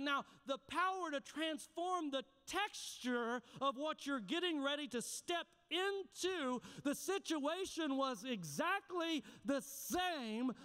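A man's voice: extremely high pitch, sharp tone. A man preaching a sermon as pastor, passionate and dramatic, with many questions to the congregation. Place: church sanctuary. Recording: echoey church hall.

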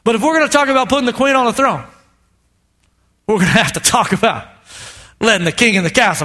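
High, bright-voiced joking preacher man. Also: fast, pauses often. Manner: animated, joking, calls for amens. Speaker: pastor. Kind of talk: sermon. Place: church auditorium with congregation.

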